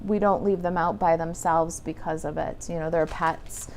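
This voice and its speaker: A woman's voice: on the low side, fairly even intonation, normal speed, darkish tone, a little hiss or hum. A middle-aged woman demonstrating paper crafts on a live stream, chatting and reading viewer comments aloud. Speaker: stamping demonstrator.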